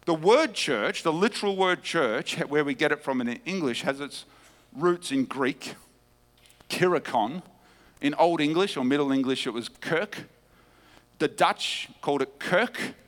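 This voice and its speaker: A man preaching a teaching sermon, emphatic, with wide swings of pitch and loudness. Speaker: pastor. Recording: long hall reverb.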